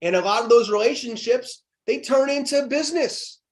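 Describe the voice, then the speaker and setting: A man in his thirties, a podcast guest, talking in an energetic motivational way with rhetorical questions. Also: very high voice, moderate pace. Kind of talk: motivational interview talk.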